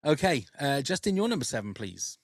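A man's voice: mid-range voice, very animated, a little fast, slightly rough, no echo, clean studio sound. A man hosting a podcast in casual chat, talking enthusiastically with many fillers. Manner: enthusiastic, full of fillers and restarts. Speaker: podcast host.

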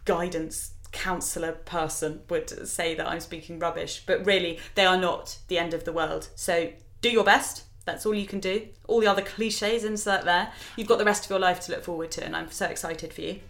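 A woman's voice: fairly low pitch, moderate pace. Frank woman co-hosting a chat. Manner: animated, frank, joking. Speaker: podcast co-host. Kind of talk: casual chat.

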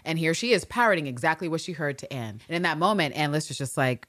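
A woman with a lower voice co-hosting a podcast and recapping an episode in loose, animated chat. She swears freely and keeps the talk lively. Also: fast talker, few pauses, no echo, clean studio sound. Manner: animated, profane, slips into acted voices. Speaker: podcast co-host.

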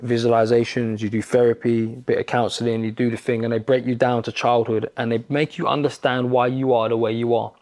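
A man's voice: mid-range voice, little pitch movement, fairly quick, few pauses, darkish tone. A middle-aged man with a London accent, a podcast guest telling stories bluntly and swearing often. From England. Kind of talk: casual chat.

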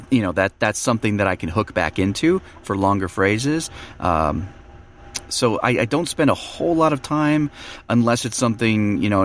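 Low-voiced man explaining audiobook narration. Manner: relaxed, explanatory, with fillers and restarts. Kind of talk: casual podcast chat.

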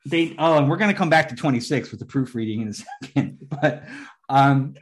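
Casting: young male co-host, casual chat, excitable, salty-mouthed, middle-pitched voice. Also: fairly quick, slight background noise. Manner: swears freely, excitable, laughs often. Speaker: podcast co-host.

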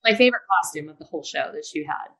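A woman's voice: sits low, expressive, very fast, creaky, fairly bright tone, husky. A middle-aged woman co-hosting a podcast, emphatic and opinionated, cutting in to make her point in casual chat. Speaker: podcast co-host.

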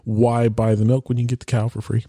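A man in casual chat telling a relaxed anecdote. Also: mid-range voice, quick pace, dry recording, clean studio sound.

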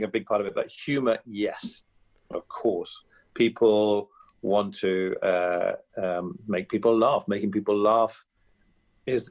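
A man in his fifties, a comedian talking as an interview guest, chatty and anecdotal, with frequent fillers and restarts. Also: fairly low pitch. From England. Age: 50s. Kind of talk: reflective interview talk.

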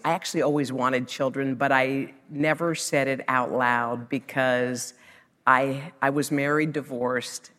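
A woman's voice: extremely low pitch, fairly bright tone, long reverb tail. A woman guest sharing a personal story in conversation, emotional and building to hopeful emphasis.

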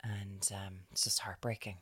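An Irish woman co-hosting a chatty podcast, telling stories animatedly and acting out other people's words, often dropping to a hushed voice. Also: very deep voice, normal speed, slightly rough. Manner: animated storyteller who acts out quotes, often dropping to a hushed voice. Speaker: podcast co-host. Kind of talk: casual chat, storytelling.

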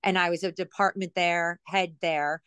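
A woman's voice: fairly low pitch, flat delivery, moderate pace, fairly bright tone, clean tone, no room sound. A middle-aged woman, a former TV producer, telling rambling, self-mocking stories as a guest in a casual interview. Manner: chatty, rambling, self-mocking, lots of asides and fillers. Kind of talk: casual storytelling in a podcast interview.

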